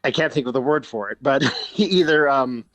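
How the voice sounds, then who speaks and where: A man's voice: mid-range voice, moderate pace, a bit bright, dry recording, soft background music. A man co-hosting a podcast in casual chat, rambling with many fillers and searching for words. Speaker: podcast co-host.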